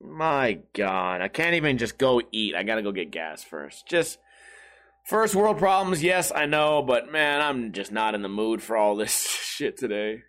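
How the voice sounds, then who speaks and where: A man hosting his own podcast, hoarse and with a failing voice, grumbling and cursing his way through a casual rant. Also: medium pitch, very animated, unhurried, a bit bright. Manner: profane, grumbling, self-deprecating. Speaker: podcast host.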